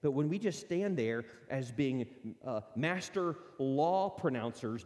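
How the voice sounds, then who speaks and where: A man's voice: medium pitch, expressive, slow pace, hardly any pauses, a little mellow. A middle-aged man giving an earnest, conversational teaching talk to parents. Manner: earnest, conversational, acts out parent and child quotes. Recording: long reverb.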